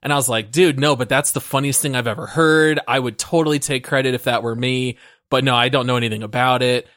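Relaxed man in dry-sounding casual chat. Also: medium pitch, fast talker, dry recording. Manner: relaxed, prompting, amused.

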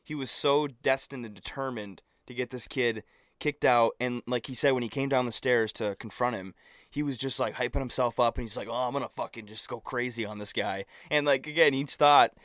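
A man in his twenties, a podcast co-host, retelling a story in casual chat, animated and laughing, with frequent swearing. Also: medium pitch, fairly quick, no echo, studio quality.

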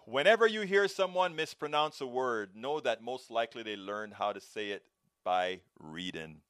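A middle-aged man from Panama with a Panamanian Spanish accent, hosting a live stream and reading viewer comments, rolling his R's in a lively, expressive way. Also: medium pitch, moderate pace, clean tone, no echo, studio quality.

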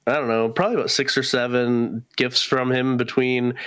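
A man's voice: medium pitch, steady tone, normal speed, fairly bright tone, smooth, no room sound. A man co-hosting a podcast, talking casually and hesitantly. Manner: hesitant, self-deprecating. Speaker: podcast co-host. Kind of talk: casual chat.

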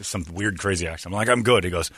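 A man's voice: deep voice, fast, a bit bright, breathy edge, no echo. A man hosting a sports talk radio show, rambling and sarcastic as he tells stories on a studio mic. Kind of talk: casual sports radio banter.

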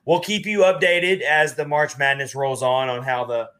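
A man hosting a casual sports podcast, talking in an animated, rambling way with frequent restarts. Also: fairly high pitch, moderate pace. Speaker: podcast host. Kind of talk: casual chat.

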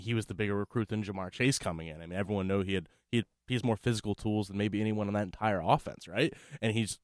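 Casting: male sports podcast analyst, low voice, rapid delivery. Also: no room sound, clean studio sound. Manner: quick, fluent analysis with many "I mean"s. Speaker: podcast co-host. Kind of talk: casual sports talk.

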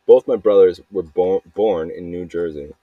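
A young man with a deep, low voice, slightly hoarse from yelling the night before. He rambles on his own in a restless, joking way, restarting his sentences often. The recording is close and dry. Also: normal speed, no room sound, phone-quality sound. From Arizona. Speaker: podcast host. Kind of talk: rambling solo voice memo.

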